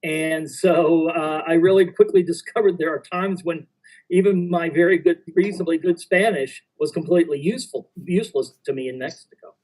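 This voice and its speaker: A man with a mellow, warm, slightly high voice speaks as a panelist at a medical conference. He recounts experiences slowly and deliberately. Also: rough recording. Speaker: panelist physician.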